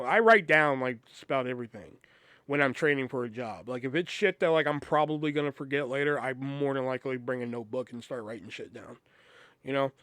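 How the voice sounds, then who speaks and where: A man's voice: mid-range voice, fairly bright tone, clear, resonant tone, no room sound. A man hosting a podcast, telling work stories in a casual, profane, rambling way and acting out the people he quotes. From Iowa. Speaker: podcast host. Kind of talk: casual storytelling.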